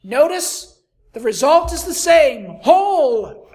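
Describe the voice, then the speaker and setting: Slow, dramatic preacher. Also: mid-range voice, animated. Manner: dramatic, swinging from soft to loud, rhetorical questions; reads scripture in King James wording. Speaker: pastor. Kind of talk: sermon.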